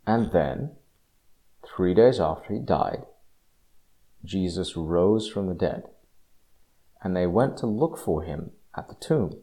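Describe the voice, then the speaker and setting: Deep-voiced man musing on faith. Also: big pitch swings, takes it slowly, creaky, long pauses. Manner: rambling, restarts often, swings between quiet and emphatic. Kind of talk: casual religious monologue.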